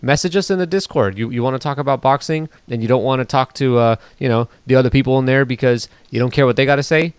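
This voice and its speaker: Man, podcast host, relaxed joking chat, crisp voice, dry sound. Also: mid-range voice, quick pace, hardly any pauses, dry recording. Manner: joking, teasing.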